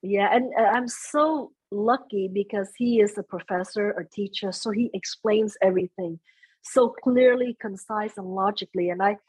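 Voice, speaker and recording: A woman guesting on a casual podcast conversation, talking in a lively, earnest way with pitch that jumps up when she stresses a point. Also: moderate pace, slightly rough, no echo, low-quality recording. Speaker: guest, stage emcee.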